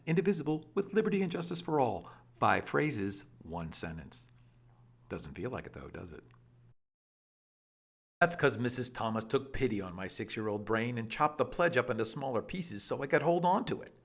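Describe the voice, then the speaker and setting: A man presenting an energetic scripted explainer with a lively, playful and emphatic delivery. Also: medium pitch, moderate pace, gravelly. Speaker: educational presenter.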